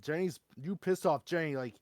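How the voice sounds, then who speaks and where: A man's voice: a little high, normal speed, a little mellow, no room sound. A man joining a tabletop role-play game as a player, talking animatedly about his character.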